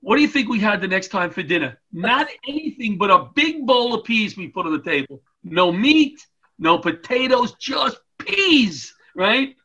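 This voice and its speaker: Middle-aged man, high bright voice, animated comic storyteller, video call. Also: normal speed, husky. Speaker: guest, retired firefighter and comedian. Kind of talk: storytelling interview chat.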